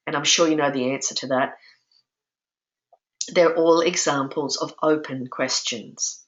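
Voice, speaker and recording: A woman with a low-pitched voice presents a webinar lesson. She is calm and instructive, and she says sample phrases gently. The audio comes through dull and muffled, like a webinar recording. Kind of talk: lecture-style webinar.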